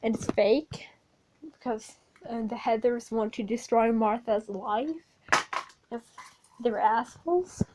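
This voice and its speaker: A woman with a high voice recaps a story in a loose, rambling way, swearing now and then and leaning on fillers. She talks slowly and informally as commentary over a speedpaint. Her delivery is unpolished and chatty. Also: background noise. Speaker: video creator.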